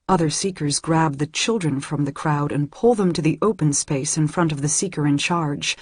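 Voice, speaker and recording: A woman's voice: sits low, normal speed, hardly any pauses, darkish tone, slightly rough, no room sound, clean studio sound. A woman reading a first-person novel aloud in an earnest way that rises when the story grows tense. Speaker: audiobook reader.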